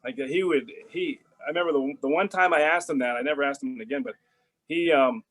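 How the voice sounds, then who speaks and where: In a low-quality recording, an interview guest, a middle-aged man with a voice on the high side, speaks briskly with a fairly bright tone. His casual story wanders through restarts and fillers, and he performs the phone calls by voicing each side.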